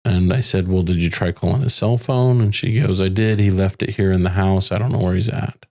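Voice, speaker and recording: Low gravelly father telling his story. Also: steady tone, mellow. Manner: halting, restarts often, quotes others' words. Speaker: bereaved father, podcast guest. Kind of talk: emotional personal storytelling. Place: home in the Phoenix area.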